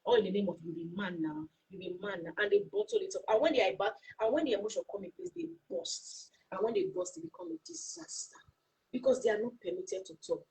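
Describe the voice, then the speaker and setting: Woman host, passionate preachy talk, mellow and husky voice, asks listeners questions. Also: a little high, sing-song, fast talker, rough recording. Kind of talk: motivational talk.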